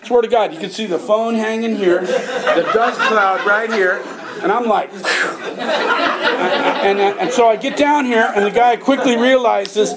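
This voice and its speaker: Older man, gravelly voice, high-pitched, personal testimony, profane and self-mocking, rambling. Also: normal speed, a crowd in the background. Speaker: speaker sharing his recovery story at a meeting.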